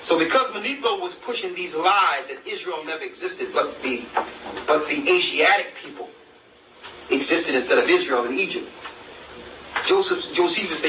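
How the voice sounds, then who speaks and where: A man reading aloud from an old history text and commenting on it, slowly and emphatically, with rhetorical questions. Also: fairly high pitch, expressive. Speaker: religious video host. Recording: roomy echo, distant mic, noisy background.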